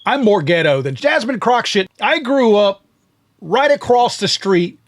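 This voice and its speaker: A man's voice: high voice, very animated, a little slow. A man from Louisiana hosting a podcast, giving blunt and sarcastic political commentary. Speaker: podcast host.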